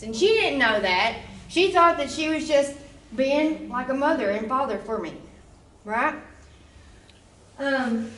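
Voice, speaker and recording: A woman's voice: a little high, fairly bright tone, echoey room, far from the mic, slight background noise, poor audio. A young woman giving a casual personal testimony, full of asides to the listeners. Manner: casual storytelling with frequent asides. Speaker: speaker giving a recovery testimony.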